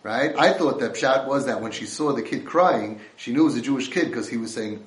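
A man's voice: medium pitch, a little fast, echoey room. A man giving an impassioned Torah lecture, mixing in Hebrew and Yiddish terms.

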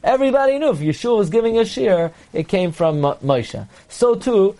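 A man teaching a Talmud class, reading Aramaic lines and explaining them with lively retelling. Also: high-pitched, moderate pace, few pauses. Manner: reads Aramaic then explains in English, animated.

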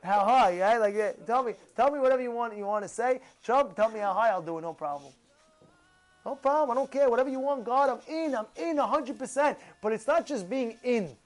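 A man teaching a Torah class, animated, acting out excited voices with gasps and rhetorical questions. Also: extremely high pitch, a little fast.

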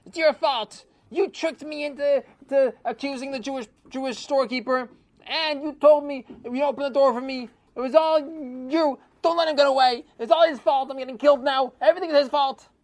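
A man voicing a condemned male robber chief who screams his accusations in a shrill, strained voice. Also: steady tone, brisk. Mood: screaming furious.

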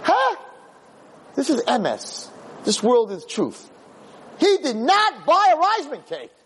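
A man voicing a male evil-inclination spirit who gleefully accuses and screams in a high voice. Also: wildly swooping pitch, slow pace, slight background noise, full character voice. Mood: gloating. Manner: screaming, jumping about.

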